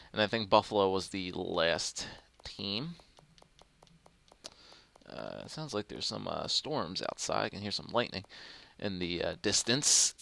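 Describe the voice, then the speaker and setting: Bright-voiced young man rambling over gameplay. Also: lowish voice, vocal fry, clean tone, no room sound. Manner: thinking aloud, rambling with fillers. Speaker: gaming commentator. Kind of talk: casual gameplay commentary.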